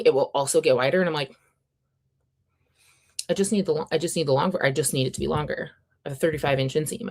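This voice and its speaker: Brief: woman, 30s, host of a casual reading stream; low voice, chatty and dry, reads out comments between asides. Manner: chatty and wry, reads viewer comments aloud. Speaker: readathon livestream host.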